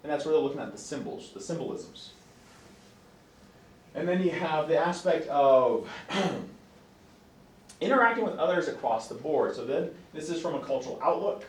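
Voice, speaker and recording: A man giving a psychology lecture to a class, lively and expressive, often acting out voices of children and parents. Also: fairly high pitch, normal speed, long pauses, slight background noise. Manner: animated, acts out quoted voices. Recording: echoey classroom from a distance.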